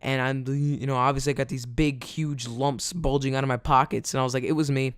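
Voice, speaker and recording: A man's voice: medium pitch, level tone, a little fast, fairly bright tone, clean tone, dry recording, clean studio sound. A man telling a casual storytime in a rambling way, full of fillers. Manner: rambling, filler-heavy, "like" every few words. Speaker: vlogger.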